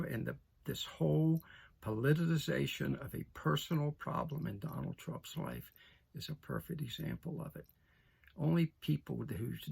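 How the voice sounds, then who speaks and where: Older male commentator, gravelly and husky, emphatic and repetitive. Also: medium pitch. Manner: emphatic, repeats phrases, asks "okay?". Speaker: political commentator. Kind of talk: opinion monologue to camera.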